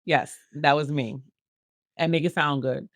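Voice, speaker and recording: A woman guest on a podcast, telling lively stories and acting out other people's lines in casual chat. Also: sits low, unhurried, no echo, clean studio sound. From United States. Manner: animated storyteller, acts out quoted voices. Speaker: podcast guest, fitness business owner. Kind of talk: casual storytelling interview.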